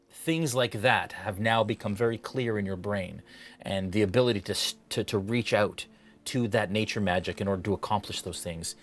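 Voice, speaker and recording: A man narrating as dungeon master, setting the scene in a measured, descriptive way. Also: on the low side. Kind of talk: narrating a tabletop game.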